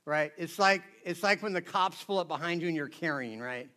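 A man's voice: on the high side, brisk, hardly any pauses, bright, forceful tone. A man preaching a casual, conversational sermon, chatty and always asking his listeners "right?". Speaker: pastor.

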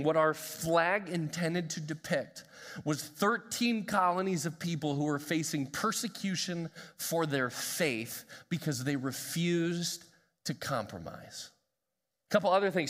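Energetic 30s guy preaching, high tense voice, lots of hall reverb. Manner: energetic, humorous storytelling. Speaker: pastor. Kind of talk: live sermon. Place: church sanctuary.

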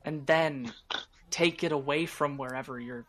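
Low-voiced woman game master. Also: a little slow, fairly bright tone. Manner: casual, many fillers. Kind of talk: narrating a tabletop game.

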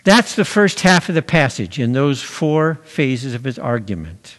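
A man preaching a sermon, slow and deliberate, pausing to stress key words. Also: mid-range voice, big pitch swings, a bit bright, long reverb tail. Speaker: pastor.

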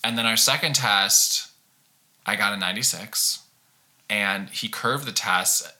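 A woman's voice: a bass voice, a little slow, bright, forceful tone. A woman in her twenties chatting casually as a podcast co-host, teasing and playful, laughing easily. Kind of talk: casual chat.

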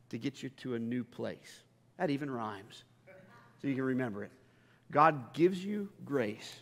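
Guy preaching in church, kinda high voice, chatty then gets loud and emphatic, big echoey hall. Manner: conversational, swells to emphatic peaks. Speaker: pastor. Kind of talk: sermon. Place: church sanctuary. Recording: long hall reverb.

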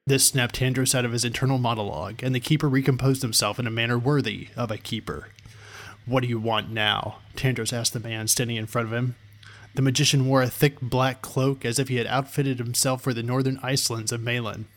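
A man reading a fantasy novel aloud as its narrator, in a steady storytelling manner. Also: medium pitch. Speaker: audiobook narrator.

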